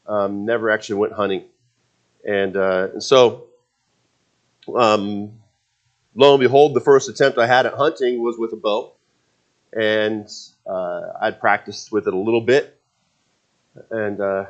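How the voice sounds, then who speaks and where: A man in his forties telling a casual personal story, rambling with many restarts and fillers. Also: medium pitch. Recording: dull lo-fi sound.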